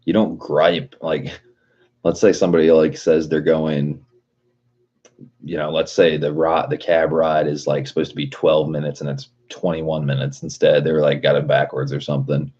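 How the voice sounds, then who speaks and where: Very deep husky man ranting casually. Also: flat delivery, moderate pace, warm tone, highs cut off. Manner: profane, rambling, lots of "like". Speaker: livestreamer reading chat. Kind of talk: casual livestream rant.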